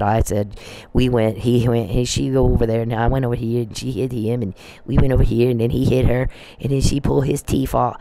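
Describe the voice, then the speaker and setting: Gravelly man ranting bluntly. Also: mid-range voice, warm tone. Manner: blunt, profane, emphatic. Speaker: commentator. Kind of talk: casual monologue.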